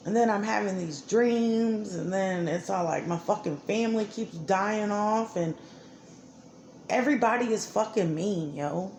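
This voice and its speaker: A woman's voice: medium pitch, measured pace, darkish tone. A woman ranting angrily and profanely about her life and her children's father. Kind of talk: angry personal monologue. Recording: echoey room with faint background noise.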